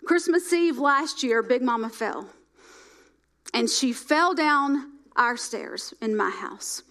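A middle-aged woman preacher delivering a sermon, emphatic and repetitive, swinging between loud lines and hushed ones. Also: high-pitched, animated, slow pace.

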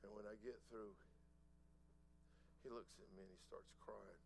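A middle-aged man preaching a sermon, telling a personal story softly and then building to loud, slow emphatic preaching. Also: fairly low pitch, fairly even intonation, vocal fry, a little hiss or hum, rough recording. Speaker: pastor.

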